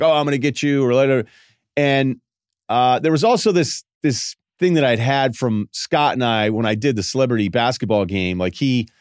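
A man hosts a podcast, casually telling rambling, self-deprecating stories in a monologue. His voice is medium-pitched, and the recording is dry and studio quality.

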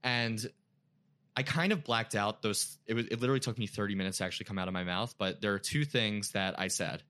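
A man's voice: on the low side, brisk, sharp tone. A young man, a podcast guest, telling an emotional personal story in casual chat, full of filler words.

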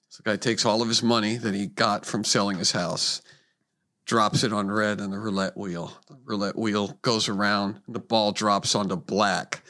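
A man's voice: on the low side, level tone, moderate pace, bright, forceful tone. A man telling a joke in casual chat, acting out the characters as he goes.

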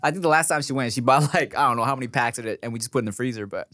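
A man co-hosting a podcast, telling animated stories and acting out the dialogue, swearing freely. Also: mid-range voice, racing, dry recording, studio quality. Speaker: podcast co-host. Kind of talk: casual storytelling chat.

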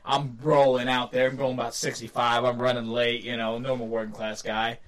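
A working-class man spins a rambling hunting yarn with a mid-range, ordinary voice. He gets excitable and laughs often as he tells it. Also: mid-range voice, normal speed. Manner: animated, laughing, excitable storyteller. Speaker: podcast guest telling a hunting story. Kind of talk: casual storytelling chat.

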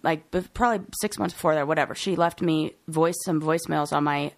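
A woman's voice: sits low, a little fast, gravelly. A woman co-hosting a podcast in casual conversation, emotional and tearful, talking in a rambling way. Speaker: podcast co-host.

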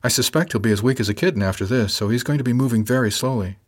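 A man narrating a first-person science fiction audiobook in a measured, even storytelling manner. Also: medium pitch.

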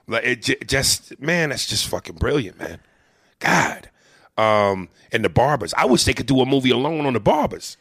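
A man co-hosting a casual chat, talking animatedly and profanely and slipping into quick impressions. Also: mid-range voice, sing-song, a bit bright, husky, no room sound, clean studio sound. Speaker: podcast co-host. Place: hotel room.

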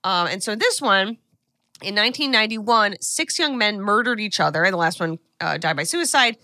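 A woman co-hosts a podcast, walking through a movie's plot in loose, animated chat packed with fillers and side remarks. Her voice is bright and forward, recorded close and dry with no room around it. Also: mid-range voice, normal speed, no echo. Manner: chatty, animated, many fillers and asides. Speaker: podcast co-host. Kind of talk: casual film recap chat.

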